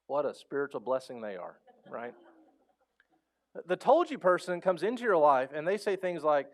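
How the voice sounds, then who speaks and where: Animated pastor man, slightly high voice. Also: normal speed, long pauses. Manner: animated storytelling, acts out quoted voices; conversational, asks the crowd questions. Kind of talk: sermon.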